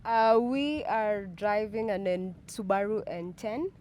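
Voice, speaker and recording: A woman's voice: medium pitch, slow, a little mellow, a little hiss or hum. A woman, an amateur rally driver, answering interview questions in a cheerful, upbeat way.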